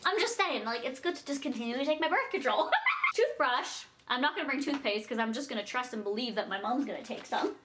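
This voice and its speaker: A woman's voice: high voice, animated, brisk, very noisy. A young woman chatting casually in a vlog as she packs, rambling and giggling as she talks. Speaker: vlogger.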